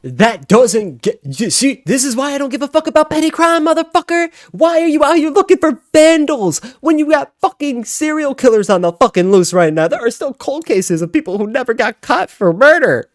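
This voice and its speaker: A man's voice: very high-pitched, lively intonation, normal speed, few pauses, dry recording, clean studio sound. Heated, swearing young man ranting. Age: 20s. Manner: profane, heated, exasperated. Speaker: reaction video host. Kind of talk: ranting reaction commentary.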